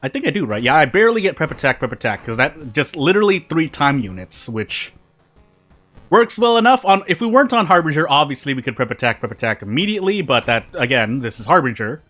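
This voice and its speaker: A man with a fairly high, bright voice talks through a horror game on stream. His pitch jumps around a lot as he rambles, repeats phrases and restarts mid-sentence between bites of food. Soft game music plays underneath. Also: sing-song, fast. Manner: talks while eating. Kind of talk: casual gameplay commentary.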